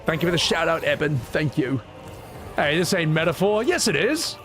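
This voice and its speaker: A man chatting casually on a live stream, excitable and swearing, laughing often and reading viewers' messages aloud. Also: fairly high pitch, moderate pace, soft background music.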